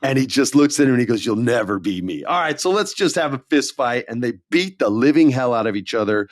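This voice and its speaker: A man co-hosting a wrestling podcast, telling stories in a casual, animated way and acting out quotes. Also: medium pitch, fast talker, no room sound, studio quality. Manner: animated storyteller, acts out quotes. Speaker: podcast co-host.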